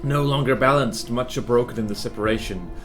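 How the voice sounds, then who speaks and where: A man reading as a slow, cryptic old hag. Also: mid-range voice, a bit bright, faint music behind, lightly acted.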